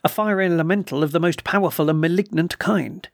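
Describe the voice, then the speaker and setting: A man reading aloud voices a calm male occult doctor who speaks quietly and with measured assurance. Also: on the high side, no room sound, clean studio sound, pitched above the performer's own voice, natural voice. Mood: triumphant.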